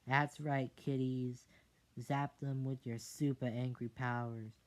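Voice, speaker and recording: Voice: medium pitch, flat delivery, slow pace, close to an everyday voice. A reader voicing a bossy, villainous fairy mother in a storybook reading, with a scolding, commanding manner. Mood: stern, bossy.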